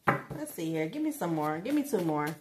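A woman's voice: lowish voice, background noise. A woman giving a casual tarot reading who talks bluntly and swears a lot, speaking straight to her viewers in slang. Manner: slangy, emphatic, bursts of laughter. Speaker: tarot reader.

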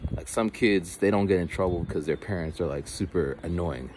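A man's voice: low-pitched, moderate pace. Rambling man, noisy outdoors. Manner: rambling, repeats words, animated. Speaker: vlogger. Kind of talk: casual monologue. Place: outdoors in the cold.

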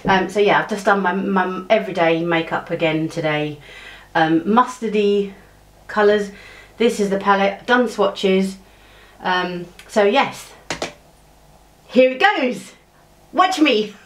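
A woman's voice: mid-range voice, fairly even intonation, a little slow. A woman chatting casually to camera as she does her makeup, rambling with many fillers and restarts, recorded on a cheap clip-on mic at home. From England. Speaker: beauty vlogger. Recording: echoey room sound.

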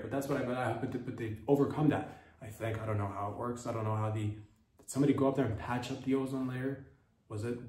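A man's voice: medium pitch, a little mellow, distant mic. A man hosting a comedy podcast, rambling through an ironic, mock-earnest monologue. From Canada. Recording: echoey room, voice a bit off-mic.

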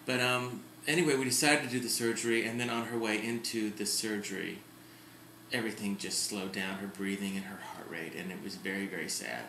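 A man's voice: fairly low pitch, steady tone, brisk, slight background noise. A middle-aged man talking candidly to his camera at home in a casual vlog. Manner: chatty and candid, with sudden loud outbursts. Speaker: vlogger. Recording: echoey room.

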